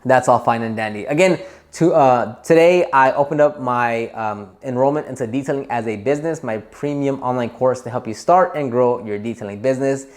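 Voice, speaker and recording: A man hosting a detailing business channel, giving casual advice straight to camera in an animated, emphatic way, repeating himself and using many fillers. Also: medium pitch, fairly quick.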